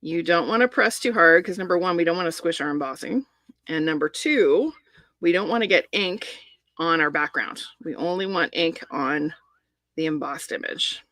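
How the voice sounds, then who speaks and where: A woman's voice: lowish voice, moderate pace, a bit bright, dry recording. Middle-aged lady talking thru a card-making demo, chatty and upbeat, dry close sound. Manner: chatty, enthusiastic, talks while working. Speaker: papercraft demonstrator. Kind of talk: live crafting demonstration.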